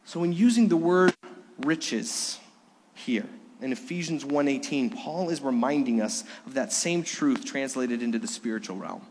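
A man's voice: mid-range voice, lively intonation, moderate pace, a little mellow, in a large hall, a little hiss or hum. A man preaching a sermon, earnest and story-driven, asking his listeners questions as he goes. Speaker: pastor.

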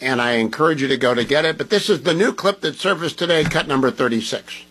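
A man's voice: fairly high pitch, fast, fairly bright tone, a little hiss or hum, low-quality recording. A man hosting a talk radio show, talking in an opinionated, emphatic, conversational way. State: groggy from medication.

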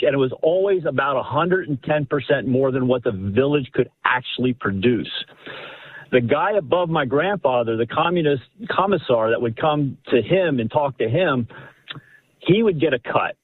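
Guy calling in on a tinny phone line, husky voice, rambly story, keeps restarting. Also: mid-range voice, normal speed. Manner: animated, rambling, many restarts. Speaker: caller. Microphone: telephone.

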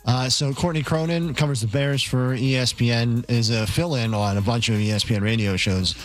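A man's voice: medium pitch, steady tone, a little fast. Matter-of-fact man setting up clips. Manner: plain, matter-of-fact with fillers.

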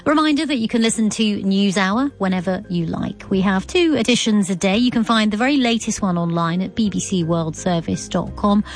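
A woman presenting live radio news from a studio in a crisp, formal read. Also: mid-range voice, fairly quick, hardly any pauses, soft background music.

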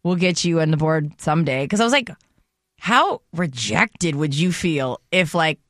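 Bright-voiced woman telling a story on radio. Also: deep voice, moderate pace, dry recording, clean studio sound. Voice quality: animated, acts out voices in her stories. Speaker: radio show co-host. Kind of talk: casual storytelling chat. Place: radio studio.

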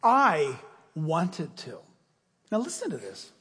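High-pitched male preacher, emphatic and folksy, questions the pews; echoing hall. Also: expressive, measured pace, a bit bright. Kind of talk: sermon.

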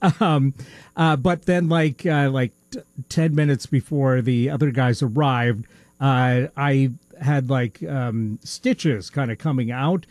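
A man's voice: medium pitch, slow pace, a little mellow, dry recording. A male podcast co-host chatting casually, rambling through his story with plenty of ums and little laughs. His speech carries a slight lisp, and the recording is dry and close with no room sound. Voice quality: slight lisp from a missing tooth. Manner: rambling, hesitant with many fillers and laughs. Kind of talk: casual chat.

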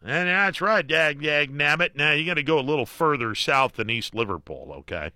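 A man's voice: mid-range voice, animated, fairly quick, pushed and bright, no echo, studio quality. A man hosting a call-in radio show, jokey and folksy, often cutting in on callers. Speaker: radio talk show host.

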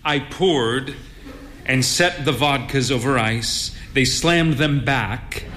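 A man reading a short story aloud in a wry, expressive way. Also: medium pitch, slow, slight background noise. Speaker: narrator.

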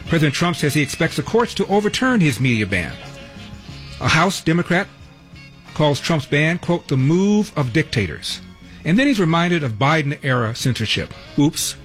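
A man's voice: a little high, big pitch swings, normal speed, fairly bright tone, faint music behind. A man hosting a talk radio show, delivering news items with wry, sarcastic asides from a studio.

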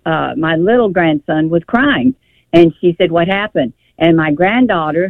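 A woman's voice: fairly low pitch, no room sound. Older woman caller on a tinny phone line. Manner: rambling, emotional, with frequent restarts. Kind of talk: emotional call-in storytelling. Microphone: telephone.

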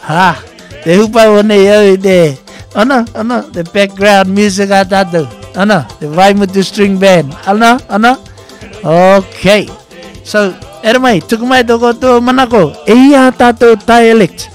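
A man's voice: high-pitched, normal speed, faint music behind. A man hosting a casual radio show, running a listener quiz in a playful, teasing way and switching between languages. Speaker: radio host.

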